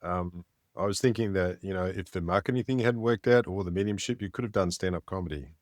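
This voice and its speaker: A man's voice: deep voice, fast talker, darkish tone, no echo, studio quality. A man hosting an interview, asking casual questions with some hesitation. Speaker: podcast host.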